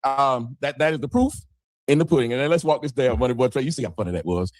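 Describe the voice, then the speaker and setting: A man's voice: medium pitch, lively intonation, fast, a little mellow, dry recording. A man on an online panel, making his case insistently and cutting in to argue. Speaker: panel guest. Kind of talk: heated argument.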